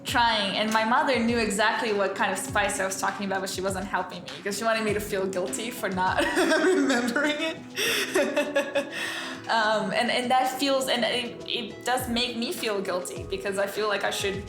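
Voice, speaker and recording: A woman from Brazil whose first language is Portuguese answers interview questions in a thoughtful, reflective way. Her voice sits at a middle pitch and carries a roomy echo. Music plays underneath. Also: moderate pace. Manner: reflective, laughs softly.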